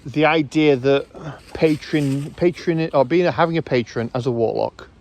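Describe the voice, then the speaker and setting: A man hosting his own video channel, giving rambling, casual commentary outdoors, correcting himself often and filling pauses with ums. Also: on the high side, very animated, a little mellow. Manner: rambling, self-correcting, hesitant fillers. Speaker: YouTube host.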